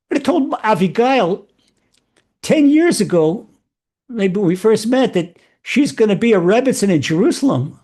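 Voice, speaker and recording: Animated man giving a storytelling lecture. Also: very high voice. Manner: animated, repeats and restarts words often. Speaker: rabbi. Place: room with a live audience.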